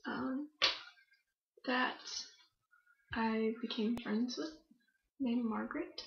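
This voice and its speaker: A young woman chats through her story with a fairly high voice, laughing often and leaning on fillers. The sound is roomy with echo, and a little dull and muffled. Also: drawn-out words, creaky, long pauses. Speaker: guest. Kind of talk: casual storytelling in an interview.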